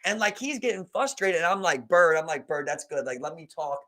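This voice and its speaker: A man with a Baltimore accent telling a story on a casual podcast, acting out the people in it and swearing freely. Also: a little fast. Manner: animated, acts out quotes in a low voice, swears freely. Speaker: podcast co-host.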